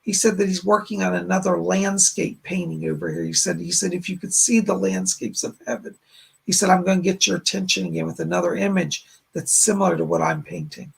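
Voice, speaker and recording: A man hosts live-stream psychic readings in a gravelly, husky voice that sounds worn out and hoarse. He passes on spirit messages in repeated "he said" phrasing. He thanks his viewers warmly and often. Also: sits high, fairly even intonation, a little fast. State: hoarse, voice giving out. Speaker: psychic medium, stream host.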